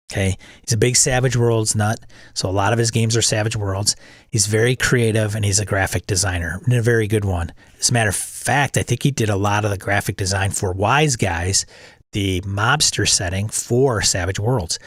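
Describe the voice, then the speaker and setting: A man's voice: fairly low pitch, dry recording, studio quality. A man hosting a casual solo chat, rambling and often restarting his sentences. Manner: rambling, self-correcting, repeats words. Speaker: channel host. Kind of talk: casual solo chat about tabletop games.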